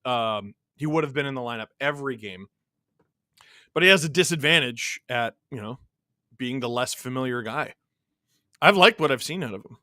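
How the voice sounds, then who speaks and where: A man from Canada hosting a live hockey watch-along, mixing excited play-by-play with reading chat messages and shouting on big plays. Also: medium pitch, moderate pace, long pauses, no echo, studio quality. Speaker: livestream host watching a hockey game.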